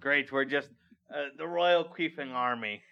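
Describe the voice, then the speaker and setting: A man co-hosting a comedy podcast, making crude deadpan jokes. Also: mid-range voice, a little slow, creaky, clean tone, lo-fi sound. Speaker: podcast co-host. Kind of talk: casual comedy podcast chat.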